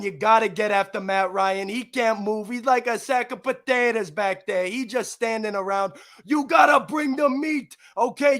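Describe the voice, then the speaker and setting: A man's voice: high voice, fairly bright tone, pitched above the performer's own voice. A young man voicing a brash Italian-American mob boss man in a heavy put-on accent. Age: young adult.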